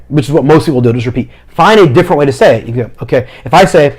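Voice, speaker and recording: A man who talks fast, giving practical teaching advice to camera and acting out short examples as he goes. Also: on the high side, lively intonation, husky. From Philadelphia, family from Puerto Rico. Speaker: mission trip leader and preacher. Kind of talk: instructional talk to camera.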